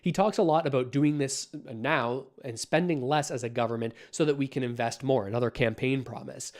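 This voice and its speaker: A man hosting a live-stream commentary, talking in a measured, skeptical way with many ums and uhs. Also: medium pitch, darkish tone. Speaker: political commentary host.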